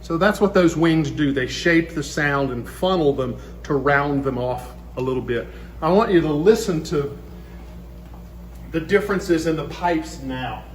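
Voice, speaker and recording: A man's voice: a little high, a little slow, slight background noise. Man explaining an organ in echoey chapel. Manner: patient, step-by-step explaining. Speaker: church organist. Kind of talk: explanatory demonstration. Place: small church chapel by the organ.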